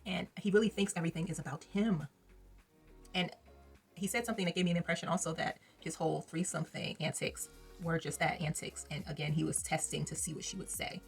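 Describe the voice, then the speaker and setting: A woman's voice: deep voice, fairly even intonation, a little fast, creaky, soft background music. A woman giving a blunt, sassy, exasperated commentary as she reviews a reality TV episode in a casual vlog.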